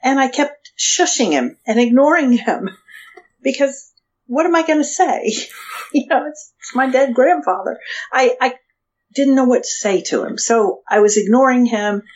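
A woman being interviewed as a guest, telling a personal story in a halting way with frequent restarts. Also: on the high side, expressive. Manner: hesitant, halting with restarts and fillers. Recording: dull lo-fi sound.

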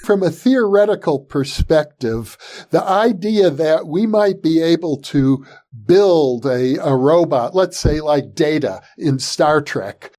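A man hosting an interview, setting up his questions at length in a measured way. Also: on the high side, animated, dark tone. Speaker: interview host.

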